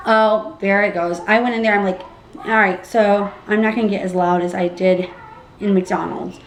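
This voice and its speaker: Animated woman telling a story, echoey room. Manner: animated, acts out quotes with big pitch jumps. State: pregnant. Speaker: vlogger. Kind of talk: casual storytelling vlog. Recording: echoey room with faint background hum.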